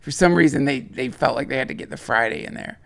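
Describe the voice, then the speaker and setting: A man's voice: medium pitch, fast talker, creaky, a bit bright, clean tone. A man hosting a livestream, rambling casually and profanely with lots of restarts and chuckles while reading viewer chats.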